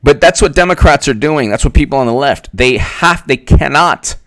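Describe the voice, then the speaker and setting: A man delivers a political commentary monologue, his pitch swinging widely as he goes. He talks in a sarcastic, rambling way. The recording is dry and close. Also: animated, moderate pace, fairly bright tone, no echo. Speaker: political commentator, channel host.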